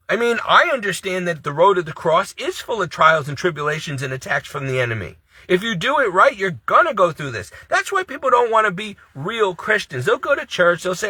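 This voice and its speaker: A man pours out a distressed, pleading monologue in a high, bright voice with a husky edge. He speaks to the camera with mounting exasperation, recorded dry and close. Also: very animated, fairly quick, no echo. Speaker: Catholic video creator.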